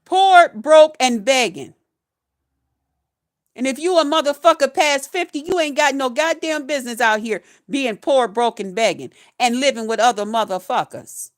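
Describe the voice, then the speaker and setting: Blunt profane woman in her fifties, high voice. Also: moderate pace, few pauses. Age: 50s. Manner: blunt, profane, chanting repeated phrases. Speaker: retired nurse, YouTuber. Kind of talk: profane ranting vlog.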